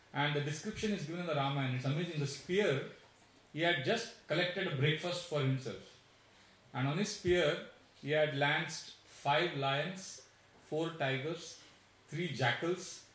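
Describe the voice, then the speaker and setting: A man gives an animated spiritual talk and narrates an epic with lively dramatic touches. His voice sits fairly high for a man. The sound is heavily echoey and comes from some distance away from the microphone. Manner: animated storyteller, acts out quotes. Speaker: spiritual teacher. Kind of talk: storytelling talk. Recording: very echoey room, voice from afar.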